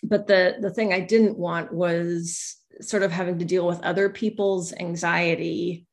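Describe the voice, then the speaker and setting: A woman's voice: on the low side, fairly even intonation, measured pace. A woman guest speaking candidly and reflectively in an interview, often acting out what other people said to her. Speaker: guest, newspaper columnist.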